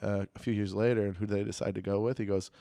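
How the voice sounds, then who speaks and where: A man's voice: on the low side, level tone, racing, creaky, mellow, no room sound. A young man co-hosting a comedy podcast, rambling and joking, swearing freely into a studio mic. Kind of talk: casual chat. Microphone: studio mic with headphones.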